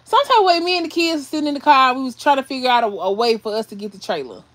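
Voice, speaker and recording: A woman's voice: sits high, rapid-fire. A woman telling a story to viewers on a livestream, emotional and shaky, rambling and repeating herself. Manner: rambling, restarts and repeats phrases. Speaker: vlogger doing a livestream. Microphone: phone or webcam on a livestream.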